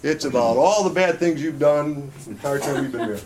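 A man's voice: a little high, brisk, crowd noise. Joking middle-aged man lecturing couples. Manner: jokey, quizzes the audience, keeps asking "right?". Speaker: marriage workshop presenter. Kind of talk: humorous live lecture to couples. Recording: live talk with audible audience. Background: live audience reacting.

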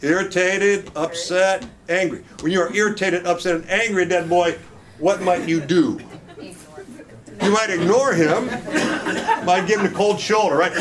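A man's voice: high-pitched, moderate pace, crowd noise. A middle-aged man presenting a marriage workshop, joking with the audience and constantly checking in with "right?". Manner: jokey, quizzes the audience, keeps asking "right?". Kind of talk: humorous live lecture to couples. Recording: live talk with audible audience. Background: live audience reacting.

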